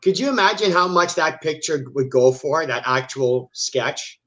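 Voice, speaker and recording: A man's voice: a little high, lively intonation, moderate pace, bright, forceful tone. A man joining a casual movie commentary chat, opinionated and laughing between remarks.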